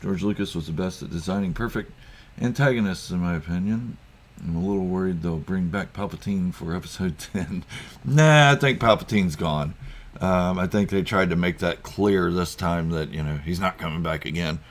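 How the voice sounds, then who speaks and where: A man's voice: low voice, moderate pace. A man hosting a casual live stream from home, rambling through viewer comments with lots of ums and chuckles. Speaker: YouTube channel host.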